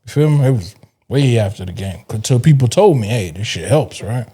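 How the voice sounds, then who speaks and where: Guy in his 40s, mellow voice, talks emphatic, repeats stuff for stress. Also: medium pitch, lively intonation, brisk, breathy edge. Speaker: veteran guest. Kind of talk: casual chat.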